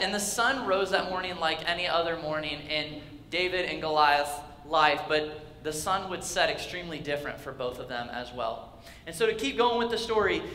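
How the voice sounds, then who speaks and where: A young man preaching to his youth group with a high, bright, forceful voice. He tells the story in a loose, joking way and slips into the characters as he goes. His voice rings through a large hall with long reverb. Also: slight background noise. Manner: casual, joking, acts out the characters. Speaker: youth pastor. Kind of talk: storytelling sermon. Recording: echoey hall with faint ambience.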